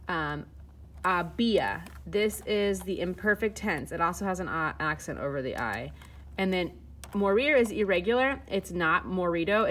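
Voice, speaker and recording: Slight background noise accompanies a woman whose voice is on the low side as she records a Spanish grammar lesson. She explains each step casually with fillers, filming and typing throughout.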